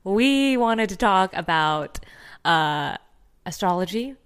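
A woman's voice: medium pitch, expressive, slow pace, clear, resonant tone. Playful young woman with Valley Girl accent. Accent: Californian Valley Girl. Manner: playful, joking, slips into giggles. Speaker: podcast co-host. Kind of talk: casual chat.

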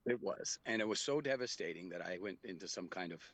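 A middle-aged man, a guest telling a personal story in an earnest, halting way. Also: low-pitched, expressive, no echo. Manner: earnest, halting, with quoted dialogue.

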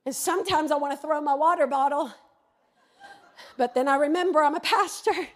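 A woman pastor delivers a sermon in a strikingly high voice. She mixes light personal storytelling with fervent stretches that climb into shouted declarations. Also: brisk.

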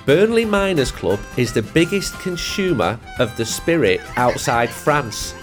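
A man's voice: medium pitch, very animated, unhurried, soft background music. A man hosting a football podcast in casual, jokey chat. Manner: jokey, teasing. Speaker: podcast host.

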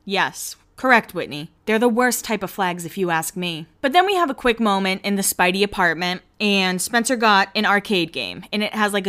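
A young woman hosts a casual recap chat. Her talk is chatty and loose, full of "like", with bits of quoted lines done in quick voices. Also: mid-range voice, a bit bright. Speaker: podcast host recapping a reality show.

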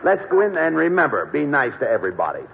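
A man playing a brisk, bossy straight man in 1940s radio comedy. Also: a little high, big pitch swings, gravelly. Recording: tinny old radio broadcast with loud hiss.

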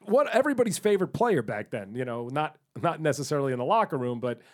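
A man's voice: on the high side, big pitch swings, fast talker. A man hosting a podcast who asks questions in a casual chat and swears bluntly now and then. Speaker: podcast host.

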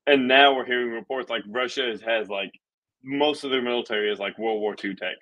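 A man's voice: medium pitch, fairly quick, dull audio. A man in casual chat, joking and swearing, telling his points with exaggerated mock quotes. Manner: joking, profane, animated storytelling with mock quotes.

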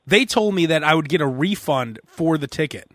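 His voice a little high and his pace moderate, a podcast host recounts a casual story in a dry, clean studio recording. He stays animated, laughs frequently, and acts out the people in the story with their own voices.

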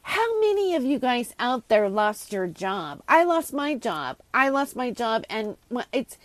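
A woman's voice: on the high side, very animated, measured pace, dry recording. A woman from the United States in a casual, rambling rant to her viewers, frustrated, with many restarts and asides. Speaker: vlogger. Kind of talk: casual ranting monologue to viewers.

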